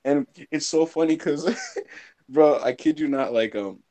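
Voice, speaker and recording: A young man hosting a casual chat, recapping a story in an animated way, full of "like" and bursts of laughter. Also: on the high side, a little slow. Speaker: podcast host.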